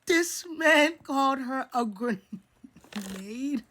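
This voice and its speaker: A woman's voice: high-pitched, animated, extremely slow, a bit bright. Sassy young woman reacting to reality TV. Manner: sassy, blunt, laughing asides. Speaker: reaction vlogger. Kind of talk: live reality-show reaction commentary.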